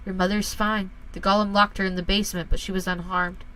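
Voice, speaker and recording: A woman voicing a stern middle-aged father who speaks gravely and deliberately, lecturing his son. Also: mid-range voice, little pitch movement, fairly bright tone, close to an everyday voice, low-quality recording.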